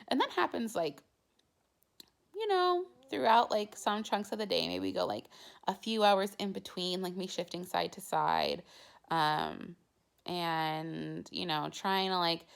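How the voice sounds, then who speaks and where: Gravelly low-voiced young woman vlogger. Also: animated, a little slow. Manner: chatty, heavy use of "like" fillers. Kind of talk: casual personal storytelling.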